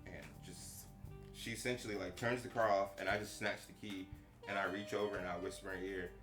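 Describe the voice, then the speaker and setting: A man's voice: low voice, little pitch movement, fairly quick. A young man on a podcast, telling a story in a casual, profane way with lots of fillers. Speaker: podcast co-host. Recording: echoey room with music behind.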